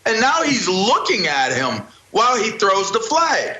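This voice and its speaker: Brief: male sports debater, bright and tense, swooping lively pitch, echoey room. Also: a little slow, muffled recording. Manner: emphatic, repetitive, preacher-like build-ups.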